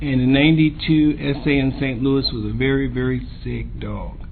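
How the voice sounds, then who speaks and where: A man sharing his recovery story at a convention, halting with pauses and fillers. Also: medium pitch, steady tone, gravelly. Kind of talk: personal recovery share. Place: convention meeting room. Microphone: podium microphone. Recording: tinny lo-fi tape with faint hiss.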